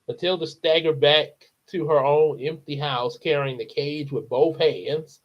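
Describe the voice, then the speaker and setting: The audio sounds dull as a man with a fairly high voice reads a children's book aloud in a casual way. This storyteller takes an unhurried pace, laughs, and drops in chatty remarks to his audience.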